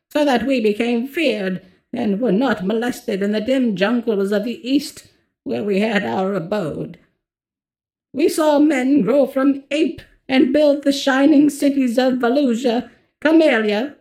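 A woman voicing an ancient, blind, tortured alien being that speaks slowly and falteringly in a sorrowful chant. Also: fairly high pitch, darkish tone. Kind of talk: audiobook character voice.

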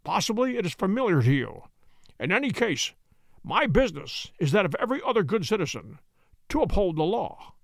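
A man voicing a calm, assured gentleman detective who speaks in a dry, measured, stern way, read from a storybook. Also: high-pitched, vocal fry, no echo, heavily acted.

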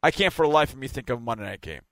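A man's voice: medium pitch, lively intonation, racing, fairly bright tone, no echo. A man hosting a team podcast, wrapping up in a chatty, rambling way with laughs. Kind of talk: casual radio-style sign-off.

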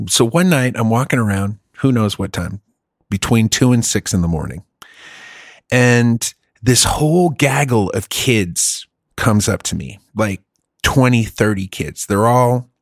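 A man's voice: mid-range voice, no room sound, clean studio sound. A middle-aged man telling a long story in a casual chat, rambling, swearing and laughing often.

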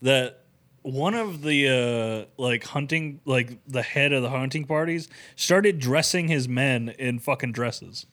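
A man's voice: mid-range voice, a little slow, a bit bright. A young man co-hosting a podcast in loose, profane casual chat, full of "like" fillers. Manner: loose, swearing, filler-heavy. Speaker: podcast co-host.

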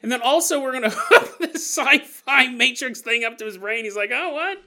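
Animated, bright-voiced man hosting a podcast. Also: very high voice, normal speed. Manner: animated, laughing often, acts out quotes in exaggerated voices. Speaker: podcast host. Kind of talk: casual comedic podcast monologue.

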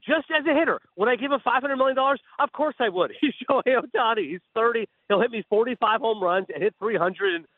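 A man phones in as a sports analyst, his voice high and his words tumbling out quickly. He talks animatedly and slips into acted-out bits of imagined dialogue. The call comes through a thin, tinny, dry phone line. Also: no echo. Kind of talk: sports radio talk.

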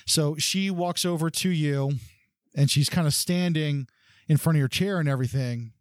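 A man's voice: a little high, moderate pace, no room sound, studio quality. Rambling man running a tabletop game. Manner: loose, rambling narration with many fillers. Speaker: game master.

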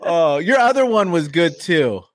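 A man's voice: a little high, a little slow. A man co-hosting a podcast, reacting with lots of laughter. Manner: laughs a lot, lively reactions. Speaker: podcast co-host. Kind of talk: casual podcast chat.

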